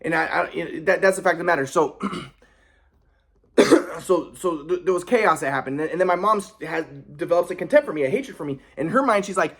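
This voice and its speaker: Young man, aggrieved rambling monologue; fast, high, husky. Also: animated, a bit bright. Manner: rambling, aggrieved, many restarts and repetitions. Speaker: vlogger. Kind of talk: personal storytelling monologue.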